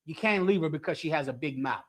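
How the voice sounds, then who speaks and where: The man's voice is on the high side and fast. He runs a scripture class with brash, jokey, provocative preaching to a live chat, full of rhetorical questions, and he often laughs at his own jokes.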